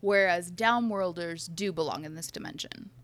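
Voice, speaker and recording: A woman's voice: lowish voice, normal speed, fairly bright tone. A woman co-hosting a casual chat, chiming in with support and explanations.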